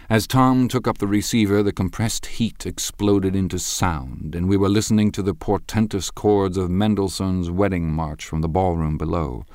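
Deep male narrator, calm measured audiobook read, dry close mic. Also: no room sound. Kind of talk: scripted narration. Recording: dry close studio sound.

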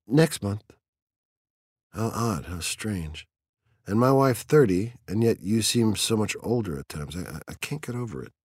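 A man's voice: fairly low pitch, a little mellow, no echo, studio quality. A man reading the part of a puzzled, guarded adult fireman in an audiobook, with terse, hesitant replies.

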